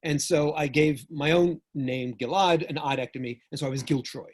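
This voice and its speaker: An older man from New York with a New York accent, giving a joking, animated talk with sudden jumps in loudness. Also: fairly high pitch, normal speed. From United States. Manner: animated storyteller, jokey, swings between loud and soft. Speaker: speaker. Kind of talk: lecture talk.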